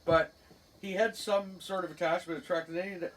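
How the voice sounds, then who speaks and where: A podcast host with a Cape Breton, Canada accent tells a rambling, funny story in casual chat, his high voice steady and brisk. He laughs often and loudly acts out quoted voices, recorded on a distant mic with faint room noise.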